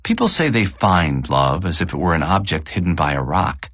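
Male audiobook narrator, very deep voice, lively intonation, dry close sound. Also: slightly rough, no echo. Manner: measured, expressive reading. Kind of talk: scripted narration.

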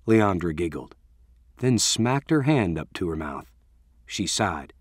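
A man's voice: fairly low pitch, sing-song, slow, no echo, studio quality. A man narrating a first-person story in a wry, conversational way.

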